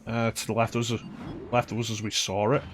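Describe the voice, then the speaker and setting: A man's voice: on the low side, level tone, a little fast. Guy streaming a game, rambling along, hums little tunes to himself, faint music under. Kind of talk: casual gameplay commentary.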